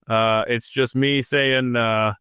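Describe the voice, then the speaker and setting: A man's voice: medium pitch, fairly even intonation, slow pace, bright, forceful tone, smooth, no room sound, studio quality. A man hosting a podcast, chatting casually, rambling and self-deprecating as he reads live comments. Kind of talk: casual rambling livestream chat.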